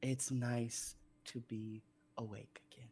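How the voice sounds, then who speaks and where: Brief: a slow, solemn ancient female nature spirit, played by a man, soft whispered edges. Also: medium pitch, flat delivery, slight background noise, close to an everyday voice.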